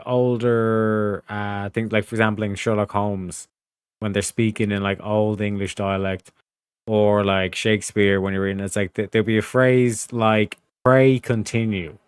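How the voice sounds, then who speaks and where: Guy streamer chatting on a call, low smooth voice, lots of likes and restarts. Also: dry recording, studio quality. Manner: rambling, many fillers and restarts. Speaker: streamer host. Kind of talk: casual stream chat.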